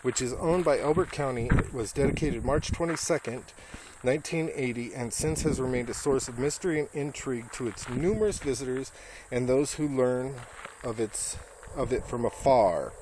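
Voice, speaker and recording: A man reads inscriptions aloud at a rural monument in a casual, wry vlog style, breaking off for dry asides. His voice sits at an ordinary middle pitch. Handheld camera audio with a clear layer of outdoor noise behind him. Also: normal speed. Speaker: vlogger visiting a monument.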